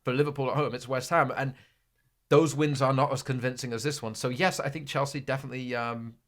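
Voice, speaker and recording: Bloke chatting football, rambly with lots of restarts, bursts into blunt rants. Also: male voice, mid-range voice, fairly even intonation, fast, fairly bright tone. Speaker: podcast co-host. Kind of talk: casual football chat.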